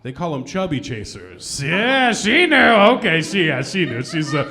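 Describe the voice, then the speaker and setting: A man's voice: fairly high pitch, very animated, a little slow, bright, forceful tone. A young adult man doing a self-deprecating stand-up comedy set on a club stage, laughing at his own jokes.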